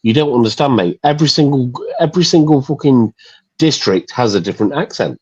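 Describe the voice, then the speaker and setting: Husky Midlands Englishman, emphatic and sweary. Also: medium pitch, lively intonation, a little fast, darkish tone, dry recording, dull audio. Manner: emphatic, swears freely, says "mate". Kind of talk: casual group chat.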